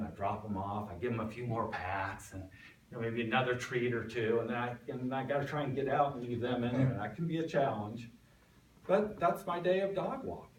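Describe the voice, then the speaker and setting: A man's voice: mid-range voice, a little mellow, a little hiss or hum. A man giving a folksy, storytelling speech to a club, recorded from a distance in a meeting room. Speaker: club speaker. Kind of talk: prepared speech. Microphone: distant room mic. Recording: echoey room from far off.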